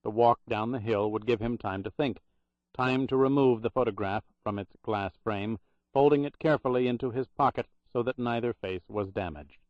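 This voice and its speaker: A man's voice: mid-range voice, normal speed, dry recording. Man narrating an audiobook in a dry voice. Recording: dry, slightly muffled recording.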